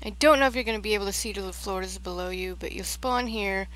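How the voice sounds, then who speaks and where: A woman's voice: medium pitch, fast, fairly bright tone, a little hiss or hum, low-quality recording. A woman chatting casually on a game livestream, rambling and trailing off as she gives a tour of a build. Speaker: Minecraft livestreamer.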